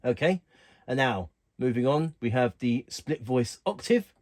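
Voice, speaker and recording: A man casually walking through keyboard functions in a relaxed, plain way, talking while he presses buttons. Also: mid-range voice, unhurried, loud music behind the voice. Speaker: keyboard tutorial host. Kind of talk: casual instructional walkthrough.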